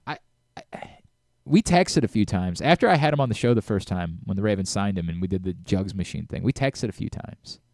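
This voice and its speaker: A middle-aged man hosting a sports radio talk show, talking in an animated way with frequent restarts and self-corrections. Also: fairly low pitch, a little fast, vocal fry, no room sound, clean studio sound.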